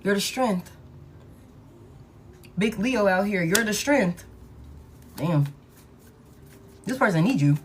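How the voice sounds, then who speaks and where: A woman's voice: mid-range voice, animated, slow, long pauses, slight background noise. A woman giving a casual tarot reading, talking bluntly and with profanity, and repeating key lines for emphasis. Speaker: tarot reader.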